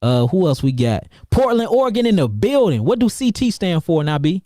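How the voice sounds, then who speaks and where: A man from St. Louis, an herbalist, giving casual livestream shout-outs to his viewers in an energetic, repetitive, slangy way. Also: sits high, fairly quick, no echo, clean studio sound. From St. Louis, Missouri, USA. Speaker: herbalist and seminar host.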